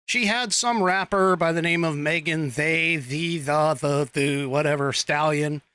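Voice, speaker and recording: Unhurried and drawn out, a male podcast host works through a political monologue in a smooth, level voice that's on the high side, bright and forward. His delivery rambles, stalling with fillers and restarts, with sarcastic jabs along the way. The recording is close and dry, with no echo.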